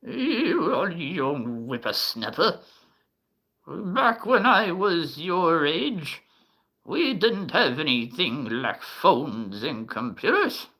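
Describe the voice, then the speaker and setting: Doddering elderly grandpa, done by a man, high and slow, grumbles and quavers, bright edge. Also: big pitch swings, full character voice, rough recording. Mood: grumpy.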